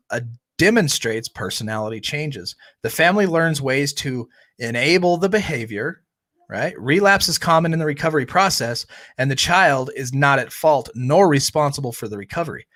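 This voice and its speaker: A man's voice: mid-range voice, sharp tone. A man co-hosting a family recovery channel, chatting casually and often tagging his points with a questioning "right?". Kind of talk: casual chat.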